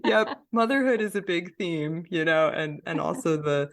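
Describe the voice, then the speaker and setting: A woman's voice: lowish voice, moderate pace. A woman hosting a conversational podcast, talking reflectively and laughing often. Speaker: podcast host.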